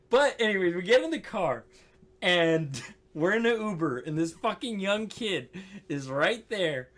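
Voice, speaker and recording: A man's voice: sits high, big pitch swings, measured pace, fairly bright tone. A young man casually telling a story, laughing often, swearing and saying "like" a lot.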